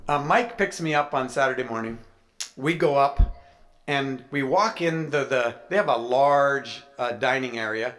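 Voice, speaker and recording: A man's voice: mid-range voice, fairly bright tone. Man telling a story to a live audience. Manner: conversational, acts out dialogue in his stories. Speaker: guest author speaking at a writers' event.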